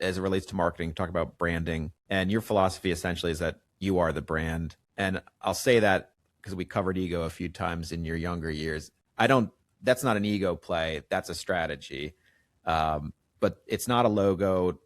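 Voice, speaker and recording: A man hosting a podcast, asking long, measured and thoughtful questions. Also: sits low, dry recording, studio quality. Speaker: podcast host. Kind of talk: interview questions.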